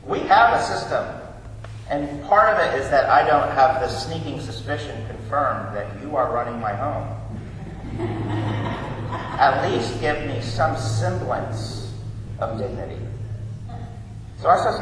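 Young guy preaching slow, chatty teacher vibe, big echoey church, mic far off, faint hum behind. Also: on the high side, expressive, fairly bright tone. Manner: conversational, teacherly, asks and answers questions. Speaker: pastor. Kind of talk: sermon.

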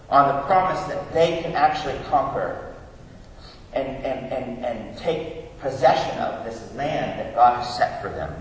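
In a distant recording from an echoey hall, a young adult male pastor gives a church sermon with slight background noise. His voice is fairly high in pitch. He speaks conversationally like a teacher, asking questions and answering them.

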